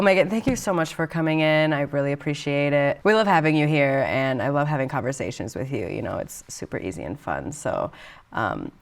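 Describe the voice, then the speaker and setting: A woman hosting a podcast in casual chat, talking in a chatty way full of "like". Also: low-pitched. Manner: chatty, frequent "like" and laughs. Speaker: podcast host.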